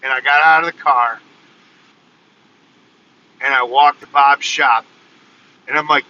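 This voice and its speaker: Male vlogger, animated storyteller, bright slightly high voice, dull phone audio. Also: measured pace, pauses often, a little hiss or hum. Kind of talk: casual storytelling vlog. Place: in a car, then walking outdoors.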